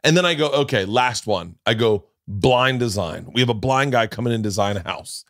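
A man hosting a podcast, telling comic stories in a casual, animated way and acting out quoted lines with big jumps in pitch. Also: normal speed, no room sound, studio quality. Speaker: podcast host. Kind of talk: casual comedic storytelling.

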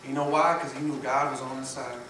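A man preaching a sermon, emphatic, swinging between loud peaks and hushed low passages. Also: level tone, fast. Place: church sanctuary. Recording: echoey church from far off, noisy.

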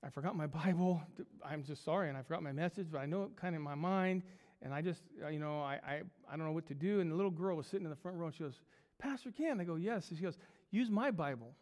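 A man preaching a sermon as pastor, telling a story in an animated way, acting out the characters and often restarting his sentences. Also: fairly high pitch, racing. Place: small church sanctuary. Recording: long reverb of a church sanctuary.

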